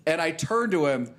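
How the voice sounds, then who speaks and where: A man casually telling a long golf story, swearing freely and acting out what people said. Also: fairly high pitch. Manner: animated, profane storyteller who acts out quotes.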